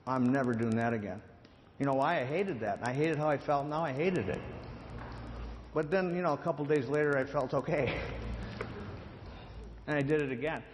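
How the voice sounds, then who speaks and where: A man's voice: on the high side, normal speed, pauses often, slight background noise. A man giving a conversational sermon, telling a story about an intervention and acting out the quotes. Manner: conversational, repeats words, acts out quotes. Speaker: speaker on addiction and grace. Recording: long hall reverb.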